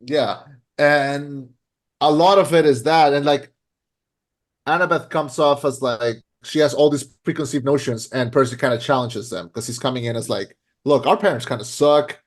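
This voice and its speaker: A man's voice: medium pitch, normal speed. A young man hosting a podcast in casual chat, rambling with lots of "like" and restarting his sentences. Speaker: podcast host.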